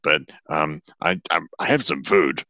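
A man's voice: a bass voice, lively intonation, a little slow, pushed and bright, no echo, exaggerated voice. A man playing a friendly, bumbling dwarf adventurer who stumbles over his words with many hesitations. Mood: awkward friendly. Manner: hesitant, stumbling, lots of ums. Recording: dull lo-fi mic.

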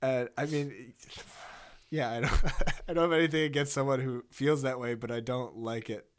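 A man's voice: medium pitch, steady tone, normal speed. A man co-hosting a podcast, talking casually about songs, often hesitating and trailing off. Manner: hesitant, trailing off, frequent "I don't know". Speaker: podcast co-host. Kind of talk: casual chat about albums.

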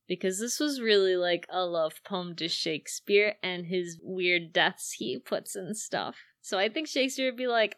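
A woman's voice: lowish voice, moderate pace, hardly any pauses. A woman co-hosting a casual film review podcast, acting out the scenes she retells. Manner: animated, acts out scenes in voices. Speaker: podcast co-host.

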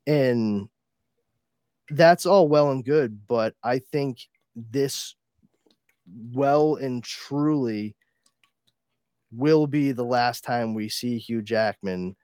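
A man hosts a casual podcast in a middle-pitched voice, rambling through stories about films and cursing freely. He sounds close to the mic in a dry, dead room. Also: very slow, long pauses, darkish tone, clear, resonant tone, no room sound. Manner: swears freely, storytelling. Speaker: podcast host. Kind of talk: casual pop-culture chat.

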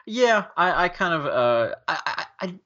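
A man's voice: fairly high pitch, very animated, a little slow, sharp tone. A man co-hosting a film podcast, talking casually and hesitantly, with many fillers and restarts. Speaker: podcast co-host. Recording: dull, lo-fi audio.

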